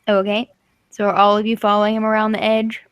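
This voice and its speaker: A woman narrating as game master of a tabletop role-playing game, casual and quick to laugh. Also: medium pitch, completely flat delivery, clear, resonant tone, dry recording.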